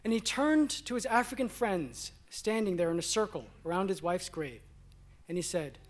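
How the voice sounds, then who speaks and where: High-voiced man preaching a sermon. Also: lively intonation, a little slow. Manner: emphatic preaching, swinging from loud declarations to hushed asides. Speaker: pastor.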